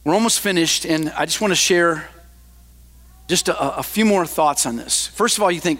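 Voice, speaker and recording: A man preaching a sermon, reading scripture aloud and adding slow, emphatic asides to his congregation. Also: a little high, a bit bright, in a large hall.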